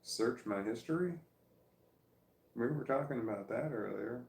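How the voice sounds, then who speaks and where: A man's voice: medium pitch, a little slow, gravelly, darkish tone, reverberant. A middle-aged man in casual livestream chat, reading out viewer comments, rambling and self-mocking with frequent laughter. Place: room at home, seated in armchair. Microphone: phone.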